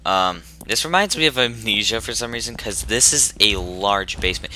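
A man commenting nervously on a horror game he plays, jumpy and talking to himself, with sudden loud outbursts. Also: lowish voice, normal speed, slight background noise. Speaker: gaming YouTuber.

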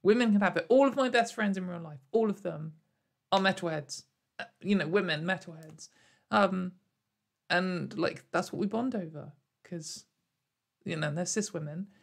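In a lowish, creaky voice at a normal pace, a young woman talks to the camera from home. Her YouTube commentary is sarcastic and casual, meandering with many fillers and frequent laughs.

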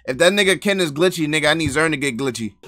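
A man hosting a live reaction stream, excitable and profane, bantering with his chat. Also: fairly high pitch, fast.

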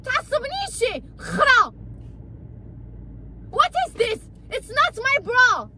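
A Moroccan woman with a Moroccan accent, a vlogger whose first language is Moroccan Arabic, talking rapidly and confrontationally, switching between English and Arabic. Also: extremely high pitch, wildly swooping pitch. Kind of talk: prank vlog argument. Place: inside a moving car. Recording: car noise under voice. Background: car engine noise.

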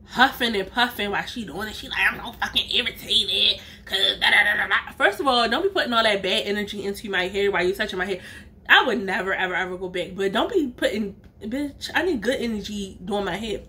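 A woman vlogger telling a story in a casual, animated way, full of slang and emphatic asides. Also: a little high, fairly quick. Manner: acts out other people's lines in her own voice.

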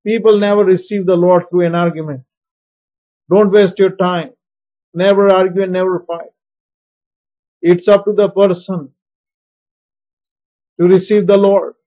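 A man preaching a teaching sermon on sharing faith, slow and emphatic in his instructions. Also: high voice, little pitch movement. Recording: dull lo-fi recording.

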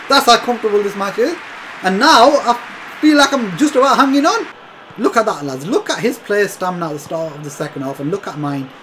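Game commentator, frustrated and foul-mouthed, very animated delivery. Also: medium pitch, a little hiss or hum. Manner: exasperated, swears a lot, talks to viewers as lads. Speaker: gaming commentator. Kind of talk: live gameplay commentary.

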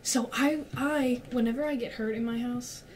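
A woman's voice: a little high, fairly even intonation, moderate pace, slight background noise. A young woman telling a rambling story to friends in casual chat, full of "like" and casual swearing. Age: young adult. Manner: rambling, peppered with "like", swears freely.

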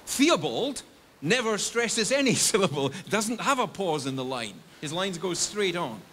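Older English academic giving a public lecture, slightly high voice, faint hiss on the tape. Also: male voice, big pitch swings, a little slow, a bit bright. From England. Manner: explanatory, asks and answers his own questions. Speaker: guest lecturer. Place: university lecture hall.

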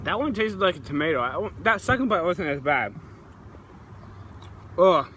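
A man's voice: high voice, sing-song, moderate pace, sharp tone, slight background noise. A male vlogger eating raw onion outdoors, gagging and groaning, his mouth burning, teary and sweating. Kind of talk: casual vlog. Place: outdoors in hot weather.

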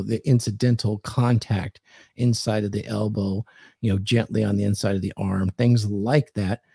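Husky mellow man giving advice. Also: lowish voice, no echo, clean studio sound. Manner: acts out quoted lines in a commanding tone. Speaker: host giving dating advice. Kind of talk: casual podcast chat.

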